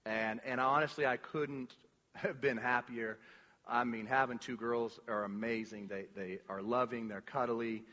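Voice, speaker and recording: A man telling a personal story to a congregation, rambling and animated, with many restarts and fillers, acting out the lines he quotes. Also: mid-range voice, unhurried. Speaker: church speaker sharing a testimony. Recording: dull recording with long hall reverb.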